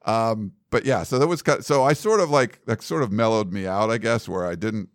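A man's voice: fairly low pitch, normal speed, dry recording, studio quality. A man hosting a casual sports podcast, rambling with lots of likes and ums. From United States. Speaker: podcast host.

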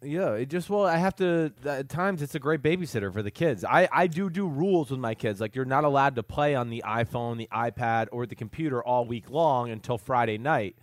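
A man's voice: mid-range voice, expressive, dry recording. A middle-aged man co-hosting a podcast, chatting casually and agreeing readily. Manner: agreeable, quick affirmations, laughs along. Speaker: podcast co-host. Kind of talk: casual chat.

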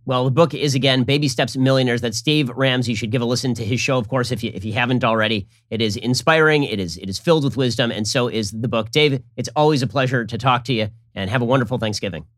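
A man hosting an interview podcast, talking in a quick, articulate, argumentative way. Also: mid-range voice, fairly bright tone, dry recording, studio quality. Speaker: podcast host.

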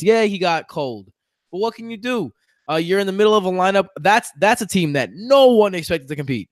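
A man's voice: high voice, lively intonation, brisk, dry recording, studio quality. A man co-hosting a casual sports chat, a fiery fan from New York who rants and swears. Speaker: podcast co-host.

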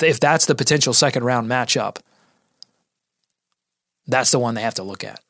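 Male podcast host, mid-pitch, dry booth sound, energetic analysis and promo reads. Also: no echo. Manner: energetic, quick asides and self-corrections.

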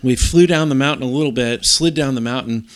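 A middle-aged man telling a long story in casual talk, rambling and animated, with many restarts. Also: medium pitch, fairly quick.

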